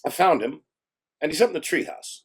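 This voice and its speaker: A man voicing a blunt, brisk British male cinematographer. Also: on the high side, expressive, husky. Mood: matter-of-fact.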